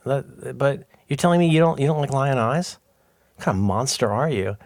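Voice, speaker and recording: A man's voice: medium pitch, expressive, moderate pace, darkish tone, no room sound, studio quality. A middle-aged man co-hosting a podcast, chatting casually in rambling, self-interrupting, jokey stories. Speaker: podcast co-host. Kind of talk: casual chat.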